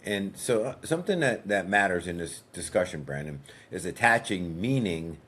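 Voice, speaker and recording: A man, a podcast guest and fitness coach, telling a story in a relaxed, conversational way and acting out dialogue as he goes. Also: low voice, normal speed. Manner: frequent fillers and restarts.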